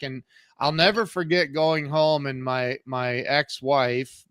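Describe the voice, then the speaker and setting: A man in his fifties, guesting on a podcast, tells his life story in a lively, conversational way with frequent restarts and fillers. His voice is on the high side and unhurried, and the studio sound is clean with no room sound.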